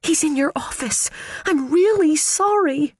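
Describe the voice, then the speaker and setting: A man's voice: very high voice, a little slow, voice pushed up. A man voicing a timid young female secretary who stammers and cries, in an audiobook. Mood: panicked. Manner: stammering, whimpering. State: crying. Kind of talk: audiobook character voice.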